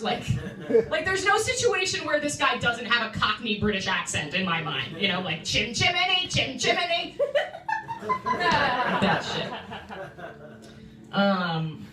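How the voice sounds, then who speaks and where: A woman's voice: mid-range voice, reverberant, far from the mic. A young woman from New York City doing a stand-up set at an open mic, chatty and self-interrupting, laughing at her own jokes, recorded from a phone in a small room. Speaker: stand-up comedian. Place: small comedy room indoors. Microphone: phone livestream from the room.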